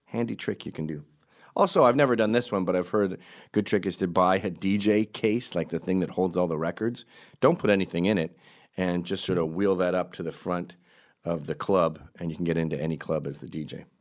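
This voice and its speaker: A middle-aged man from Canada telling an animated story, jumping into high put-on voices and laughing mid-sentence. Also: a little fast. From Canada, raised in Quebec. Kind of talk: storytelling monologue.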